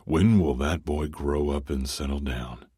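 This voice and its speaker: A man's voice: a bass voice, measured pace, warm tone, husky, no echo, studio quality, full character voice. A man voicing a cheerful older company founder who teases his friend in an audiobook. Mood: jovial.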